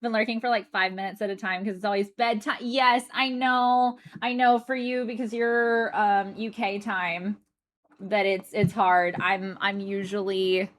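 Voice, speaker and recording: A woman in casual livestream chat, talking to her viewers in a loose, rambling way. She keeps restarting her sentences and filling pauses as she goes. Her pitch sits in an ordinary middle range. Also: steady tone. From United States. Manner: chatty and rambling, with frequent fillers and restarts. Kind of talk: casual chat while reading chat.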